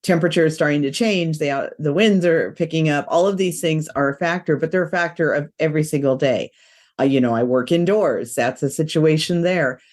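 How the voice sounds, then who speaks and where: A woman's voice: low-pitched, a little fast, darkish tone. A woman hosting a podcast interview, enthusiastic and chatty, with a slightly nasal voice from allergies. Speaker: podcast host.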